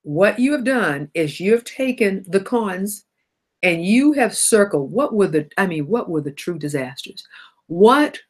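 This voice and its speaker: A woman's voice: medium pitch, very animated, unhurried. A middle-aged woman with a cold hosts a motivational broadcast, talking animatedly to viewers and often laughing and correcting herself. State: has a cold. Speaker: host of a self-help broadcast.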